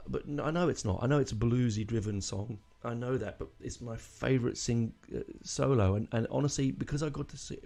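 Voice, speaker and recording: A man's voice: mid-range voice, gravelly, dark tone. A man hosting a casual music podcast, rambling and emotional, with lots of fillers and restarts. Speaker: podcast host.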